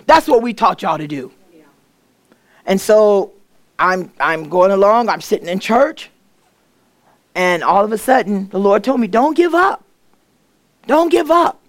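A middle-aged woman sharing a church testimony, telling her story with reenacted dialogue and moving between hushed, tearful quiet and loud exclamations. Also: mid-range voice, lively intonation, a little slow, pauses often. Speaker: guest speaker sharing a testimony.

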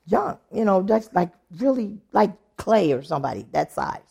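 Animated woman telling a funny testimony. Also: mid-range voice, normal speed, gravelly, husky. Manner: animated storytelling, laughs often. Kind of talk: humorous personal testimony.

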